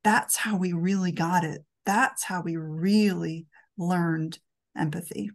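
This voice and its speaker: A middle-aged woman tells an emotional story to an audience. Her voice sits low and has a gravelly fry to it. She talks earnestly, in a storytelling manner. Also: steady tone, slow. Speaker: speaker at a talk. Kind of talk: storytelling talk.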